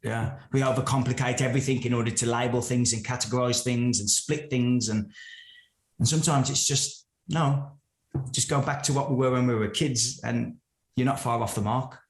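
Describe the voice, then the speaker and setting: A man's voice: mid-range voice, steady tone, moderate pace, roomy sound. A man hosting an interview, reflecting thoughtfully and asking his guest questions. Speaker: podcast host. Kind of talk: conversational interview.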